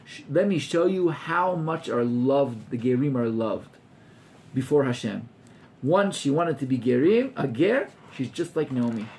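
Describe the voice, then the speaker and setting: A man's voice: medium pitch, a little mellow. A man, a rabbi teaching an informal class to students, talking animatedly and acting out scenes with gasps while mixing in Hebrew terms.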